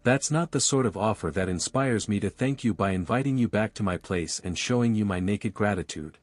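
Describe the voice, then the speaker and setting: A man voicing a wary, flustered young woman who answers with nervous, quick retorts. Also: on the low side, dry recording, faint music behind, close to an everyday voice.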